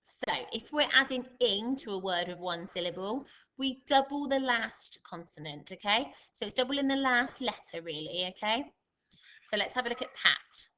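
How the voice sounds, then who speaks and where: A woman teaching a recorded spelling lesson to young children, with a patient, deliberate way of explaining. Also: a little high, expressive, bright, forceful tone, rough recording. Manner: slow, deliberate dictation with clear emphasis. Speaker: primary school teacher.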